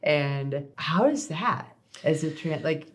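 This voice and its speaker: Low-voiced woman hosting a chat. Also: expressive. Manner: friendly, quick questions, laughs along. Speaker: interview host. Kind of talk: casual chat.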